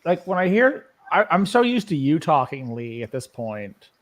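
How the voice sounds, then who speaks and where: A man's voice: fairly high pitch, very animated, normal speed, fairly bright tone. A man with an East Coast Canadian accent chatting casually on a livestream, rambling and laughing often. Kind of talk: casual chat.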